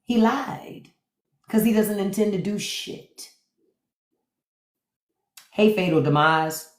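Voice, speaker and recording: A woman's voice: mid-range voice, takes it slowly. A woman hosting a livestream, giving blunt, profane, mocking commentary straight to her viewers. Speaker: livestream host. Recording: roomy echo.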